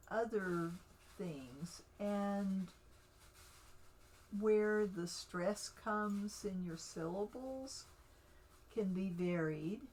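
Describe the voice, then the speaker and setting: A woman's voice: mid-range voice, slight background noise, poor audio. A woman hosting a casual livestream tutorial, talking in a hesitant way with many fillers and restarts. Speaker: livestream host teaching language creation.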